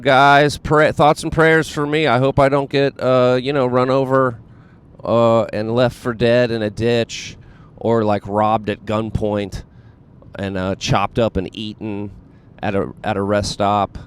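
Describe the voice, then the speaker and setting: A man's voice: medium pitch, steady tone, unhurried, smooth. A man hosting his own show as a comedian, in a rambling, self-deprecating monologue full of fillers, with a Southern US accent.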